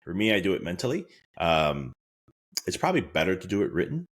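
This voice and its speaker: A man with a very low, deep voice delivers a heartfelt motivational podcast talk. He speaks earnestly and with emphasis, and he often says a key line twice. When he acts out his own thoughts, his voice leaps far higher. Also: big pitch swings, a little fast. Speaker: wellness speaker.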